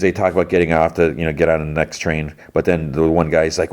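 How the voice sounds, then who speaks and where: Man, podcast host, very low pitch, casual recap, rambling, filler-heavy. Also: fairly even intonation, fairly quick, few pauses, a little mellow. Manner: rambling, full of fillers and restarts.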